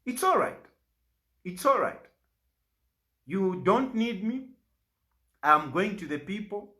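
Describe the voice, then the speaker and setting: A middle-aged Zambian man speaks with urgent, pleading force. His pitch climbs and drops widely from phrase to phrase as he presses his point. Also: sing-song, slow, pushed and bright. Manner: pleading, rises and falls sharply in pitch. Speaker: opposition party leader. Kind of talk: impassioned public statement.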